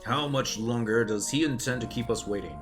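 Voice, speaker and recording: A man's voice: mid-range voice, brisk, music in the background, close to an everyday voice. A man voicing a prissy, haughty male elven general who speaks in clipped, formal tones.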